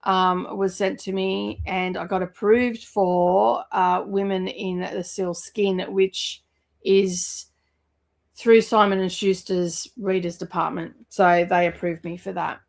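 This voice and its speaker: Woman, gravelly edge, rambling casual chat, lots of ums. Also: mid-range voice, little pitch movement, takes it slowly. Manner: chatty, rambling with many fillers. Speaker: book vlogger.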